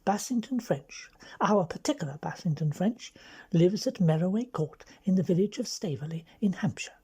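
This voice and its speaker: A woman with an English accent voicing a bold young aristocratic woman who lays out a scheme in a brisk, bossy way. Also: lowish voice, expressive, warm tone, breathy edge, exaggerated voice. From London.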